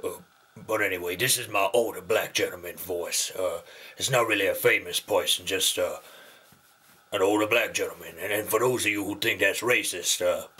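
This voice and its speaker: A man putting on a calm older gentleman with a low, husky voice that still has a bright edge. He talks in a casual, matter-of-fact way. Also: heavily acted.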